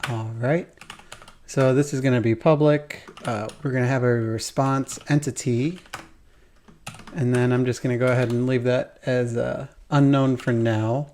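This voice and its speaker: A man's voice: medium pitch, steady tone, unhurried, a little mellow, slight background noise. A man hosting a code-along programming tutorial, thinking aloud as he types, with keyboard typing behind him.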